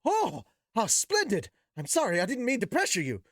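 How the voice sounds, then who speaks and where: A man's voice: high voice, wildly swooping pitch, normal speed, a bit bright, no room sound, clean studio sound, pitched above the performer's own voice, full character voice. A man voicing a polite, formal young prince who is devoted to his master. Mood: earnest formal.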